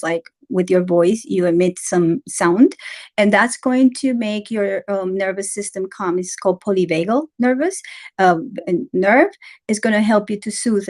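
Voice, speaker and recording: A woman guest speaks at a middle pitch, gentle and lively, explaining ideas with many fillers and restarts. She sounds tender and open. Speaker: interview guest. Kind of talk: casual interview talk.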